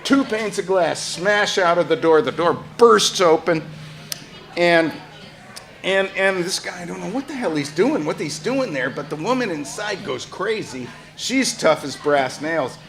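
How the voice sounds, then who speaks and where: An older man telling a true story live, animated, profane and often laughing. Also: sits high, a little slow, vocal fry, faint music behind.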